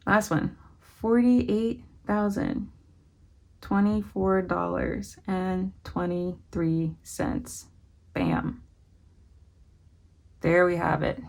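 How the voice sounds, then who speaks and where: A young adult woman talking candidly to camera in a casual home vlog, thinking aloud and reading figures slowly. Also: mid-range voice, fairly even intonation, creaky, darkish tone. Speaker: vlogger.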